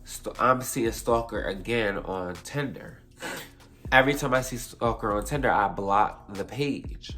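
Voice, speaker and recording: A man's voice: fairly low pitch, a little slow, pushed and bright, soft background music. A young man casually telling a storytime tale for a vlog, rambling, swearing freely and correcting himself as he goes. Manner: rambling, profane, self-correcting.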